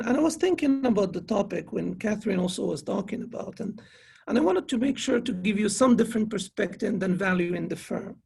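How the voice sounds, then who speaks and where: A man's voice: high-pitched, vocal fry, mellow, husky. A man, a finance professor, giving an earnest conference lecture to students, often restarting his sentences. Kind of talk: conference presentation. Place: online conference.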